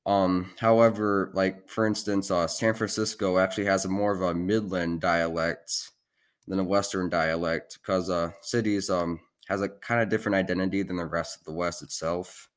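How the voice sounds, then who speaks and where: Low-voiced man explaining casually. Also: steady tone, moderate pace. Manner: loose and hesitant, with many ums and likes. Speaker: geography video host. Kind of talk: casual explainer over a map.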